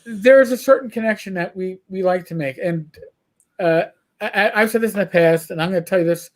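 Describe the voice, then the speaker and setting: A man's voice: high voice, a little fast. Blunt, profane New York man. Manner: blunt, profane, rambling with restarts. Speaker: podcast host. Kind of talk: casual livestream chat.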